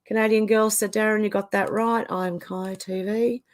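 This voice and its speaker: A woman's voice: medium pitch, fairly even intonation, normal speed. An Australian woman hosting a livestream, chatting casually and reading viewer comments aloud. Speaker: livestream host reading chat. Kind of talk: casual chat.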